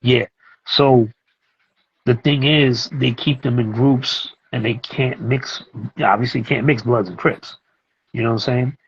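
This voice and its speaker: A middle-aged man, a music producer and teacher talking as a guest in a casual interview, telling animated stories and acting out what others said. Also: medium pitch, a little slow, husky, lo-fi sound. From Brooklyn, New York. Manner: animated, acts out other people's lines as he tells a story.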